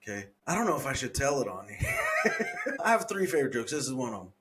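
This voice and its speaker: A man co-hosting a comedy podcast, chatting casually, excitable and laughing often, with "dude" in nearly every sentence. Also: mid-range voice, fast, noisy background. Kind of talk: casual chat.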